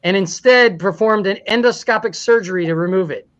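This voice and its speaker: A man's voice: sits high, fairly quick, fairly bright tone, dull audio. A man hosting a comedy talk show, joking and laughing through his running commentary.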